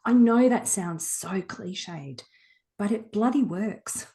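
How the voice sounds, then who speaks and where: A woman's voice: medium pitch, takes it slowly, mellow. A woman, a guest author talking frankly and reflectively in an interview. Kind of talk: casual interview talk.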